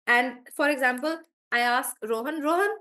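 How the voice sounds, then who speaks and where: A woman's voice: sits high, animated, normal speed, a bit bright. A woman teacher, chatty in a live online class, explaining word stress through spoken examples. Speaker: English pronunciation teacher.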